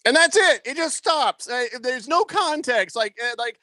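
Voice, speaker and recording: A man's voice: very high voice, lively intonation, normal speed, few pauses, sharp tone, dry recording. A man hosting a sports radio show in casual chat, rambling loosely with plenty of fillers and restarts. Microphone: studio microphone.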